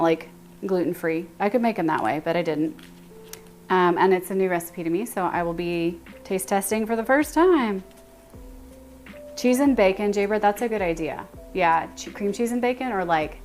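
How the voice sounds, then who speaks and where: A woman's mid-range, slightly mellow voice, marked by a Texan accent, leads a laid-back baking livestream in her home kitchen. She chats and muses aloud while greeting each viewer by name.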